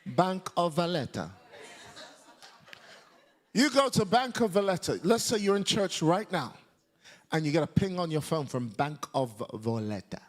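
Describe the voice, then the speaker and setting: A man preaching a lively sermon to a church congregation, shouting and leading call-and-response. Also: a little high, measured pace, long pauses, some chatter behind.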